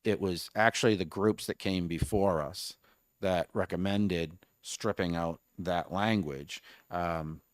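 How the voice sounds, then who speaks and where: A man testifying as a bill sponsor before a legislative committee, earnest and halting as he works through his points. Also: low-pitched, no room sound. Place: state house committee room.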